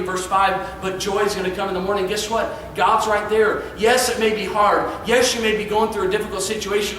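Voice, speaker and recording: A man preaching an evening sermon, earnest and emphatic, dropping soft for quiet passages. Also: sits high, slight background noise. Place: church sanctuary. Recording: echoey church hall, far from mic.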